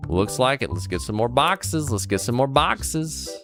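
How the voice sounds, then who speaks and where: A man's voice: medium pitch, very animated, measured pace, a bit bright. Man, gameplay commentary, joking, chatty, faint background music. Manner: joking, chatty, talks to his in-game customers. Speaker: gaming streamer.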